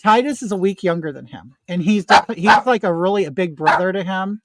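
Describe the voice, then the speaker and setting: A man's voice: sits high, brisk, heavy background noise. A man in his fifties hosting a casual makeup livestream from home, chatting in a rambling way and answering viewer comments. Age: 50s.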